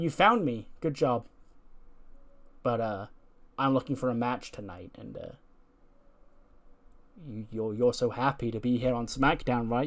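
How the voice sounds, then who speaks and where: A man voicing a sly, menacing veteran female wrestler who taunts in a low, quiet voice. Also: lightly acted.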